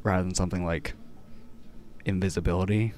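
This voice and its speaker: A lower-voiced man talks as a guest on a podcast. His speech is loose and rambling, with "like" dropped into almost every sentence. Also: fairly even intonation, a little fast, a little mellow. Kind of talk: casual chat.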